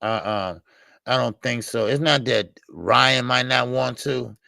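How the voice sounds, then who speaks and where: A man's voice: medium pitch, measured pace, creaky, sharp tone, dry recording. A man co-hosting a boxing talk show, rambling with many hesitations. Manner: rambling, hesitant, many uhs and you-knows. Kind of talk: casual boxing chat.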